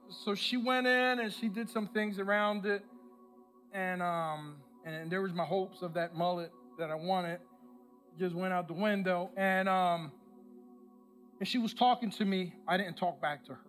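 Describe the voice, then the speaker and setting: A high-pitched male pastor preaching from the pulpit, spinning a lively, self-mocking personal story and putting on the voices of the people in it. Soft music plays faintly underneath. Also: measured pace. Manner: animated, self-mocking storyteller who acts out the people he quotes.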